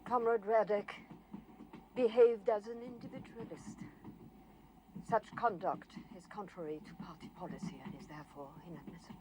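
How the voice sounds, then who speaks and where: A composed, measured wife of a leader, played by a woman, in a period TV drama. Her voice is mid-pitched. A clear hiss lies under the soundtrack. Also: natural voice. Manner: measured, soothing. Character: calm middle-aged woman, leader's wife. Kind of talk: 1980s TV drama acting. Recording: noisy film soundtrack.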